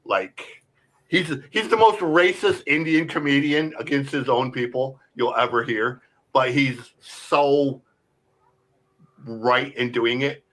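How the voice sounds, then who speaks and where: A man talks in a bright, forward voice, rambling enthusiastically. He leans on slang and swearing in a loose, casual podcast way. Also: mid-range voice, slow pace, poor audio.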